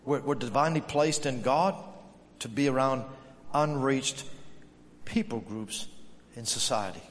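Male pastor, sermon storyteller, mid pitch, big reverberant hall, soft music bed. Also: unhurried, a little hiss or hum. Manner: storytelling, animated quoted voices. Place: church sanctuary. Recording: echoey hall with music behind.

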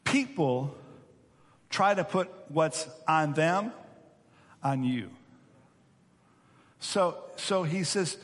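A man preaching a sermon as a pastor, animated and acting out the voices of the story's characters. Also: a little high, takes it slowly, long pauses, in a large hall.

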